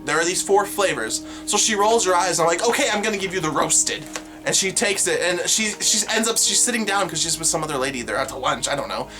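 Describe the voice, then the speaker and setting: A young adult vlogger telling workplace stories to camera in an animated, exasperated, sarcastic way. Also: mid-range voice, quick pace, music in the background. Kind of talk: storytelling rant to camera.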